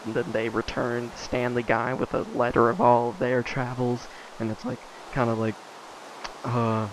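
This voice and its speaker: A man's voice: medium pitch, creaky, noisy background. A man vlogging alone, telling stories in a casual, rambling way full of fillers and asides. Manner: rambling, many fillers, self-interrupting asides.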